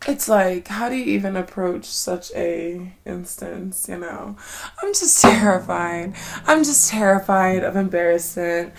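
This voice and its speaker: A woman's voice: fairly low pitch, expressive, unhurried, vocal fry. Rambling, candid young woman talking to herself. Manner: rambling and candid, swearing often, with frequent "like" fillers and sudden laughs; drops to a near-whisper when reflective. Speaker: vlogger. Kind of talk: casual solo monologue.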